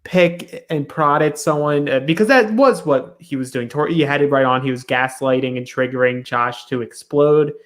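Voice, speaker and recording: A man's voice: fairly high pitch, moderate pace, few pauses. Man recapping a reality show. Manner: retells scenes, briefly acting out the cast's lines. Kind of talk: casual recap chat.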